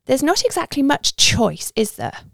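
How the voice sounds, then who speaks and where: Snippy bossy tourist lady, woman doing it, loud and sharp, gravelly. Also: sits high, wildly swooping pitch, normal speed, no echo, studio quality, voice pushed up, full character voice. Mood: sarcastic. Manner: officious, sarcastic, aggressive. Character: rude officious middle-aged woman tourist.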